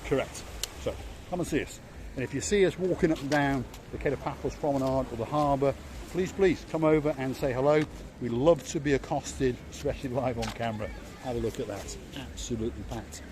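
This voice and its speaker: Brisk and medium-pitched, an English vlog host with a Yorkshire accent walks viewers along a seaside promenade. He talks freely and keeps repeating words for emphasis, with outdoor street noise in the recording.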